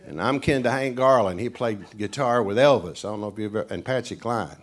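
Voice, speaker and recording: A man's voice: on the low side, brisk. Folksy East Tennessee preacher man. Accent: East Tennessee Southern. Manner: animated storyteller who acts out characters. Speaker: guest preacher. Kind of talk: folksy sermon storytelling.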